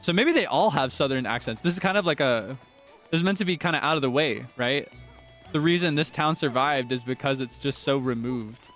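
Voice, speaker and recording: A man's voice: mid-range voice, a little fast, a bit bright, soft background music. A man streaming a video game, chatting casually in a self-deprecating, giggly way. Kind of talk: casual gameplay commentary.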